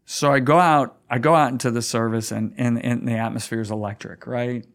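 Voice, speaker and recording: A middle-aged man, a pastor, telling a story earnestly in a conversation, his voice climbing high when stirred. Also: steady tone, fairly quick.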